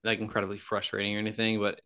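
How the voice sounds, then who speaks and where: A man's voice: lowish voice, completely flat delivery, racing, sharp tone. A man hosting a podcast in easygoing casual chat, chiming in with jokes.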